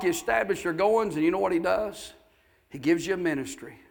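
A man's voice: high-pitched, brisk, creaky. A male pastor preaching a sermon, telling folksy stories with fervor and repeating his phrases.

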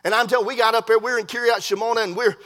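A man preaching a sermon, telling a story in an animated way and often repeating his words. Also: very high-pitched, very fast. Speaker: preacher, missionary. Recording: long hall reverb.

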